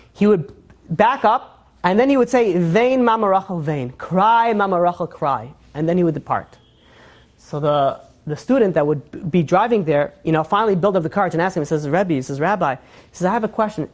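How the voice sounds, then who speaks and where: A man giving an informal Torah lesson, telling stories emphatically with asides and frequent throat clearing. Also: sits high. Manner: animated, emphatic, storytelling with asides. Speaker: Torah teacher.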